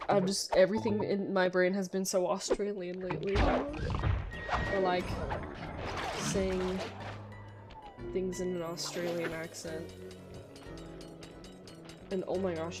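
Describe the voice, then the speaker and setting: A young woman streaming a game, chatting casually and rambling with lots of fillers and restarts. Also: lowish voice. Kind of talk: casual gameplay chat. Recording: music playing behind the voice.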